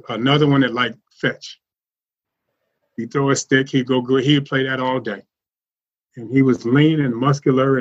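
A man telling animated stories as a podcast guest, laughing often as he goes. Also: mid-range voice, highs cut off. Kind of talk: casual storytelling.

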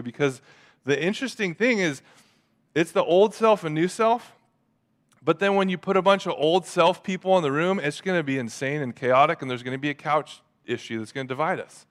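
A man preaches as pastor in a loose, conversational way. His voice is notably high, and he often slips into acted-out quotes to make a point. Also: a little fast. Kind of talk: sermon.

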